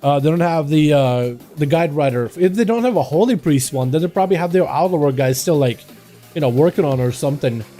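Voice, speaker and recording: A man commentates game duels on a live stream, chatty and excitable as he reacts to the play and greets his chat. His voice sits high but has a mellow, unforced tone. Faint music plays underneath. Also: quick pace.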